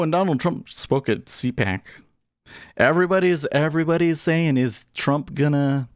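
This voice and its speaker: A man's voice: a little high, no echo, studio quality. A man hosting a day trading livestream, chatting casually and thinking aloud as he works his screens, laughing easily. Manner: laughs easily, loose and joking. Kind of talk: casual live-stream commentary.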